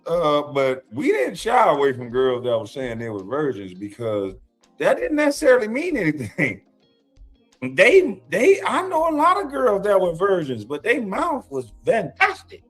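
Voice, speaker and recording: A man's voice: high voice, moderate pace, breathy edge, faint music behind. A man co-hosting a casual reaction stream, joking and telling crude stories. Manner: animated, joking, crude storytelling. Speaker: stream co-host.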